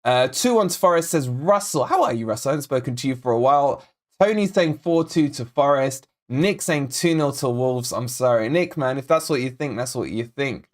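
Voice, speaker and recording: Fairly quick and mid-range in voice, a Scottish-born fan channel host chats through a live football watch-along. He gets excitable reading out viewers' comments, chat names, and predictions.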